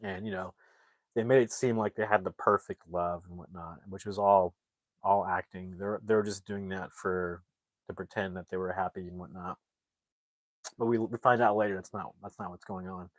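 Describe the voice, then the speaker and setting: A man's voice: deep voice, normal speed, no room sound. A young man casually retelling a film's plot as a reviewer, rambling and acting out the characters' lines as he goes. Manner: rambling, animated retelling with acted-out quotes. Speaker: movie reviewer.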